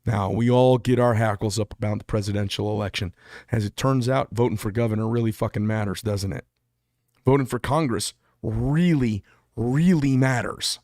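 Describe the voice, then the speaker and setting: A man's voice: lowish voice, normal speed, a little mellow, no echo, studio quality. A man hosting his own channel, delivering a blunt, heated and profane political rant. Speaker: channel host.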